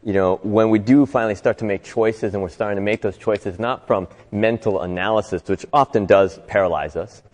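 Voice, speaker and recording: A man's voice: fairly low pitch, fairly quick, few pauses, a little mellow, long reverb tail. A man giving an inspirational talk to a live audience in a conversational way, often asking listeners rhetorical questions. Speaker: motivational speaker.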